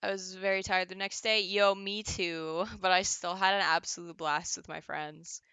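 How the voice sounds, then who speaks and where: A woman's voice: on the low side, little pitch movement, normal speed, pushed and bright, clear, resonant tone, no room sound. A woman streaming a game, chatting casually and giggling as she answers chat.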